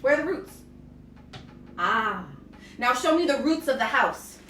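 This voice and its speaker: A woman leading a playful kids' lesson for her child, coaxing and animated, repeating words slowly for the child to copy. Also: high voice, recorded from a distance, slight background noise. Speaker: parent teaching her child. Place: indoor room with a computer and slides. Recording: echoey room, voice from off-mic.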